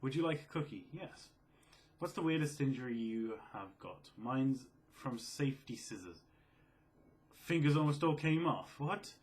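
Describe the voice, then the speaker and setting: Young male video creator, soft-spoken and sleepy-sounding, casual Q&A, mid-range voice. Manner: quiet, low-key, self-described mellow and sleepy. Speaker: video creator answering viewer questions. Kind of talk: casual Q&A chat.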